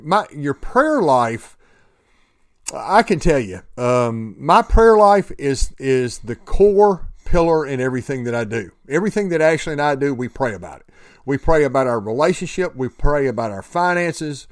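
A man's voice: medium pitch, big pitch swings, normal speed, no room sound, clean studio sound. A man giving an earnest motivational talk about prayer and recovery, often repeating words and restarting sentences. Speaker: speaker sharing faith and recovery.

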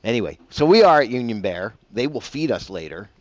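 A man's voice: medium pitch, sing-song, brisk, no room sound. A man hosting a casual morning golf radio show, rambling and chatty with self-deprecating asides, on a broadcast mic. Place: broadcasting from a bar.

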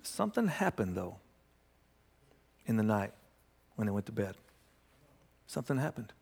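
A man's voice: on the low side, moderate pace, gravelly, slightly rough. Man preaching in a reverberant hall. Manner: animated, builds to loud emphatic preaching. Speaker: pastor. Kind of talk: sermon with storytelling.

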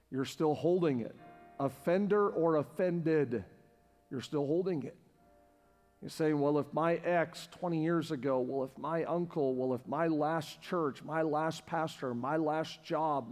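A man preaching a sermon as pastor to a congregation in a church, passionate and repetitive, building to near-shouting. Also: on the high side. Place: church sanctuary with live congregation. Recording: long hall reverb with faint music.

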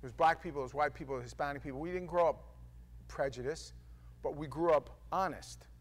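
Fast-talking New man telling stories. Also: a little high. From New York. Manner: animated storytelling with stammered restarts. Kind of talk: casual monologue to camera.

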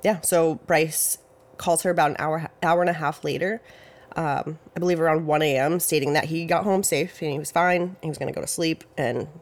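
The host of a casual true-crime podcast rambles along at normal speed in a steady tone, the pitch staying in the middle. The speech is packed with "like" and "you know," and details are couched in "I think" and "I believe."

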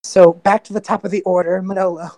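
A woman's voice: mid-range voice, level tone, quick pace, a little mellow, no echo. A woman running a tabletop game as game master, narrating playfully with giggles and lots of fillers.

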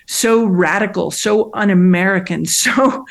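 A woman's voice: medium pitch, measured pace, vocal fry. A middle-aged woman speaks as a guest in an interview. She tells her story earnestly and with animation, stressing points through repetition, and she often stops to restart her sentences. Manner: animated storytelling, acts out quoted voices; restarts and fillers, earnest and emphatic. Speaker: guest, nonprofit founder. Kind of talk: conversational interview.

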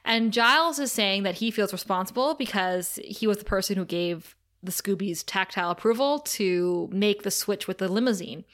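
Bright-voiced woman recapping with laughs. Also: medium pitch, normal speed, few pauses. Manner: animated, laughs often while retelling scenes. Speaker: podcast co-host. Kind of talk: casual episode recap.

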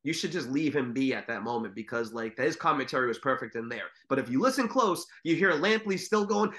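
A man's voice: medium pitch, animated, a little fast, hardly any pauses, a bit bright. A man co-hosting a podcast, chatting casually and rambling with swearing. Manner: rambling, swears, mimics commentators. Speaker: podcast co-host. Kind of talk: casual chat.

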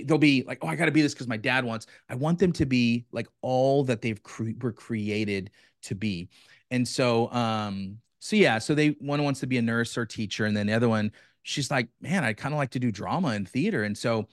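A man in his thirties, a guest on a podcast and a coach, talking in an energetic, enthusiastic way and saying "bro" often. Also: medium pitch, no echo, clean studio sound. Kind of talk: casual chat.

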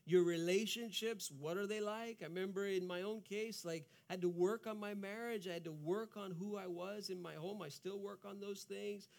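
A man's voice: high voice, fairly even intonation, moderate pace, gravelly, hardly any pauses, darkish tone. A man preaching a sermon as a pastor, earnest in tone and often repeating words as he goes.

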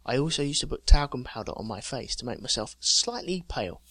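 A man on a podcast, reading strange news items aloud and riffing on them with dry jokes. He sits close to the mic in a dead, dry space, with a medium-pitched, everyday voice. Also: expressive, brisk, fairly bright tone, no echo. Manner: jokey storyteller, reading out news items with chuckles. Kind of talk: casual chat.

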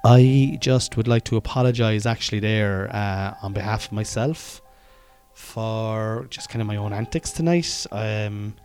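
A man in his forties hosting a casual solo podcast, rambling and joking with swearing and sudden loud bursts. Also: fairly low pitch, unhurried, soft background music. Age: 40s. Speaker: podcast host.

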